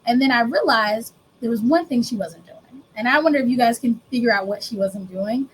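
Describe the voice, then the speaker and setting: A woman business coach giving a workshop presentation, conversational and animated, often acting out dialogue with her clients. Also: a little high, fairly quick, a little hiss or hum, rough recording.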